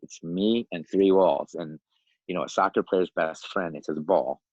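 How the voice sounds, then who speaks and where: A man in his fifties from Iran, a podcast guest telling his life story in a lively, animated way, often laughing and acting out the voices of other people. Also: deep voice, normal speed, slightly rough, dry recording, muffled recording. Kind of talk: casual storytelling.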